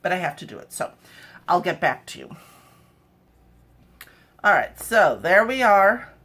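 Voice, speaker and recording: Slow, lively-voiced woman cooking at home. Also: lowish voice. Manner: chatty, wry, jokey asides. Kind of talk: casual cooking demo chat. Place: home kitchen.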